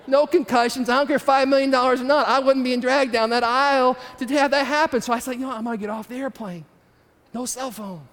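A man's voice: very high-pitched, brisk, big-room sound. A man telling a personal story in a casual, conversational way, turning to the audience with asides. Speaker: speaker addressing an audience. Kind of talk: storytelling sermon.

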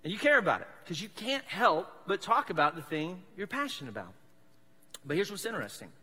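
In a church sanctuary thick with long hall reverb, a South Mississippi pastor with a Southern accent gives a lighthearted sermon full of jokes. His pitch is high and his delivery very animated and brisk, with a sharp, slightly rough edge. He comes across as chatty and ready to laugh at himself.

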